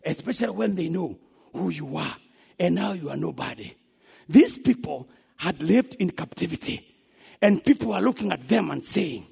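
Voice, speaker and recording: A man preaching a sermon, swinging dramatically from hushed lines to shouts. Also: on the high side, animated, normal speed, vocal fry, slightly rough. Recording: long hall reverb.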